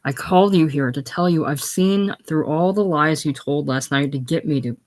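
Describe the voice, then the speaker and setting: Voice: medium pitch, normal speed, natural voice. A reader voicing a proud, bitter young farm woman in a casual play reading, speaking hard and grim. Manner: hard and grim, with soft crooning moments.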